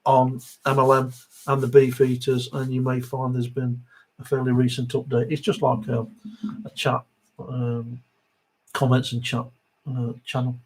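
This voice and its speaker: A middle-aged East Midlands man, from the English Midlands, talks in a mid-range voice with completely flat delivery, a little slowly. He hosts a diecast model livestream in a chatty, pally style. Between reading viewer comments, he chuckles.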